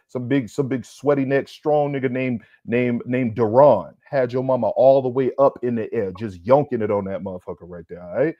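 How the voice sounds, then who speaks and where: A man hosting a podcast in a casual comedic rant, loud and profane, always tacking on "all right?". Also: mid-range voice, no room sound, muffled recording. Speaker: podcast host.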